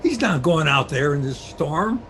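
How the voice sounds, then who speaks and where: A man playing a polite, skeptical gentleman traveler lost on the moors in an old-time radio drama. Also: on the high side, expressive, measured pace, slight background noise. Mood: alarmed. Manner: polite, well-spoken. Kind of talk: 1930s-style radio drama acting.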